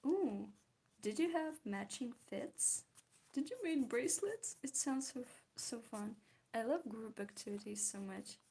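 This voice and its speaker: Giggly, soft-toned young woman chatting. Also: medium pitch, breathy edge. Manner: giggly, chatty, reads and answers chat. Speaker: streamer chatting with viewers. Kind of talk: casual chat while drawing.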